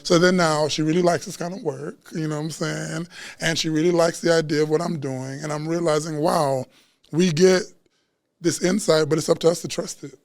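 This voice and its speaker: A man who works as a chef and Reiki practitioner, chatting as a guest at a live podcast taping in a bookstore and telling stories in an animated, slangy way. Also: on the high side, moderate pace, creaky, no echo. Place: bookstore event space.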